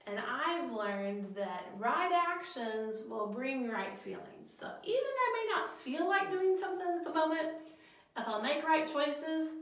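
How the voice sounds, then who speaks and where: A school counselor, a woman with a slightly high voice, talks children gently through breathing exercises one step at a time. She sits back from the mic, and her voice rings around a very echoey room. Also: far from the mic. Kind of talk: guidance lesson for children.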